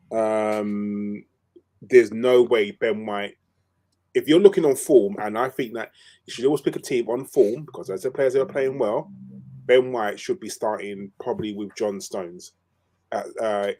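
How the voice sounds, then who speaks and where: Emphatic low-voiced male podcast host. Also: a little mellow. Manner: emphatic and opinionated, with fillers. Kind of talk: casual football chat.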